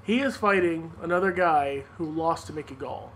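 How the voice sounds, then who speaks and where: A man's voice: a little high, normal speed, a bit bright, a little hiss or hum, rough recording. A man hosting a podcast, recounting news in loose, casual chat with frequent laughter and swearing. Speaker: podcast host.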